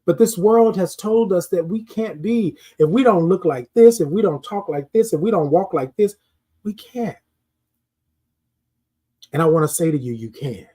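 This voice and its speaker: A man's voice: sits high, animated, moderate pace, dark tone, husky. A middle-aged man hosting a morning live stream, preaching self-worth in a repetitive, sermon-like way and greeting viewers in the chat. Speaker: host of a morning live show. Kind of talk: motivational live-stream talk.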